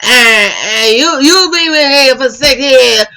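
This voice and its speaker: A brash, boastful man, swaggering through repetitive slangy lines, as a woman imitates him in her own voice. The voice sits on the high side and sounds bright and forceful. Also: slow, full character voice.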